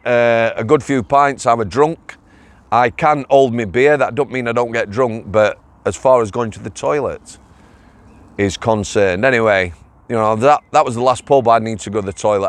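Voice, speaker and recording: A middle-aged man with a Greater Manchester accent, a former prison officer telling blunt, chatty stories on his own channel. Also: mid-range voice. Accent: Northern English, Greater Manchester. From England. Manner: blunt, chatty, drops in local dialect words. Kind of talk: casual storytelling vlog.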